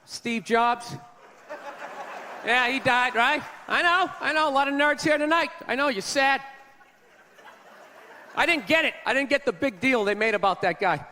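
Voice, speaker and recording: A man's voice: very high voice, moderate pace, long pauses, bright, forceful tone, slight background noise. A man from the United States doing a stand-up set on stage, sarcastic, mocking and profane. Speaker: stand-up comedian. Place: stage at a live show.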